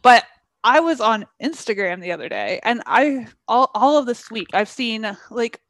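Breezy young woman with a fairly high voice, recorded close and dry with no room sound. She laughs often and chats casually on a podcast, stopping to put things in context. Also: very animated, normal speed, a bit bright, dry recording. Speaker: podcast co-host. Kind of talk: casual chat.

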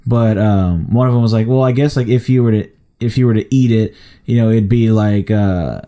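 Fairly low and mellow at a moderate pace, this young podcast co-host's voice carries loose, filler-laden storytelling through casual chat.

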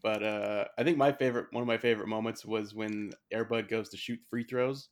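Chill guy joking around on a podcast, kinda low voice, swears a bit. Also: fairly even intonation, a little fast. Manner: laid-back, joking, swears casually. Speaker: podcast co-host. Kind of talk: casual movie review chat.

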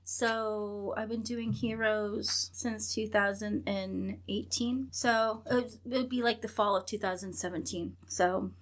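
A woman's voice: mid-range voice, steady tone, unhurried, few pauses. A woman in her thirties, a guest in an interview, telling her story in an earnest, rambling way and acting out what she and others said. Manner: earnest, rambling, quotes herself and others in dialogue. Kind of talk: conversational interview.

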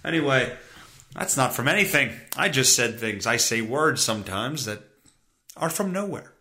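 A man's voice: mid-range voice, lively intonation, moderate pace, pushed and bright. A man hosting a solo podcast, ranting in a sarcastic, profane way. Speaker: podcast host. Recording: roomy echo.

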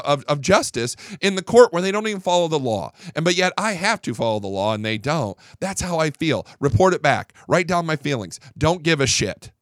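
A man's voice: on the high side, dry recording, clean studio sound. A middle-aged man giving a blunt, heated monologue as a podcast host, often stumbling and restarting as he vents. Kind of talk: casual monologue.

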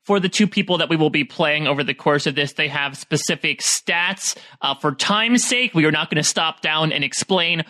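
A man's voice: fairly high pitch, moderate pace, few pauses, bright, forceful tone. A man playing a tabletop game, bantering in a laid-back, joking way. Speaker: player.

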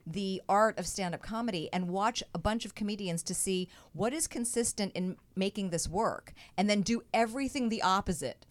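A woman's voice: medium pitch, normal speed, few pauses, dry recording. A woman who is a comedian and actress, explaining her views earnestly and emphatically as a talk show guest.

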